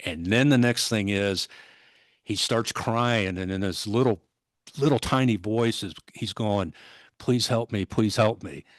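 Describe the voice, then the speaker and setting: A man in his sixties recounts an old police call as a podcast guest. His voice sits low and sounds dry and close, and his telling is vivid but halting, full of restarts. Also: dry recording. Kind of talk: conversational storytelling.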